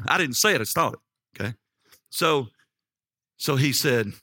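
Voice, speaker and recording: A middle-aged man preaching a sermon, telling personal stories in a folksy, animated way and often checking in with "okay?". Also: mid-range voice, moderate pace, pauses often, no room sound, clean studio sound.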